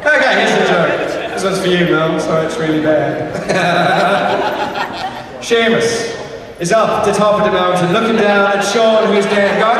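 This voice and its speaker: A man's voice: high voice, a little slow. A man hosting a convention panel, chatty, telling a long joke and laughing at it. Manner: chatty storyteller, laughs at his own jokes. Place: large convention hall. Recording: echoey hall from far off with crowd.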